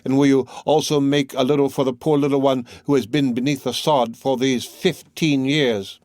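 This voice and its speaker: A man reading the part of a bitter, grief-crazed old female recluse in a slow, trembling, anguished voice. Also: mid-range voice, steady tone, darkish tone, no room sound, studio quality, lightly acted.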